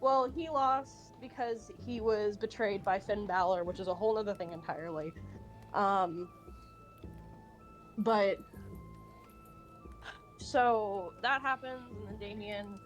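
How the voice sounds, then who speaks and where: A woman streamer chats casually while she draws, speaking in a medium-pitched voice at a slow pace with long pauses and faint music in the background. She's animated and rambling, full of fillers and restarts, and swears now and then.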